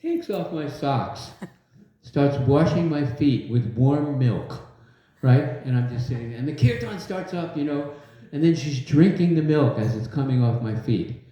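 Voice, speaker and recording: A man's voice: fairly high pitch, unhurried. An older man giving a devotional talk to a live audience in a large hall, telling humorous stories and leading call-and-response. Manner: humorous, lively storyteller. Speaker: devotional speaker. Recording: very echoey, dull hall recording.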